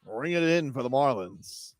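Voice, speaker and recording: A man's voice: mid-range voice, expressive, normal speed, dry recording. A man hosting a sports radio show, chatting casually and teasing his co-host. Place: radio studio.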